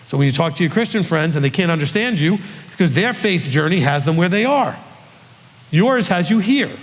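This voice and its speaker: A man, a rabbi, teaching in a congregational Q&A, often pausing to ask "okay?" to check his listeners agree. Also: fairly high pitch. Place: congregation hall. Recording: long hall reverb.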